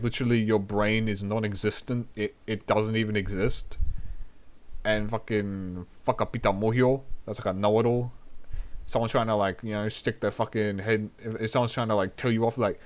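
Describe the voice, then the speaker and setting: A man's voice: fairly low pitch, fairly even intonation, normal speed. A young man, a VTuber host giving a laid-back, profane language lesson and laughing often. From New Zealand.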